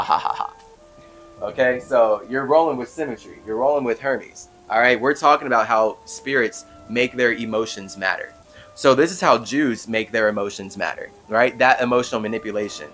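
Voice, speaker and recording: A man's voice: medium pitch, a bit bright. A man hosting a podcast, telling a story in a rambling, casual way full of "like" fillers. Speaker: podcast host.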